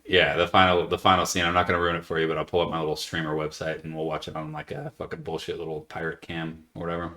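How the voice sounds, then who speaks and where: Thirties podcast host, casual and profane, low voice with a bright edge. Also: male voice, monotone, rapid-fire, hardly any pauses. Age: 30s. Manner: profane, rambling storyteller who drops his voice low. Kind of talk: casual chat. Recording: small echoey studio.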